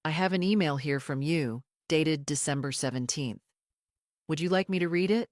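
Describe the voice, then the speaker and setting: A woman voicing a female attorney cross-examining a witness, calm, precise and relentless. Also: low-pitched, normal speed, no room sound, clean studio sound, close to an everyday voice. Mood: cold.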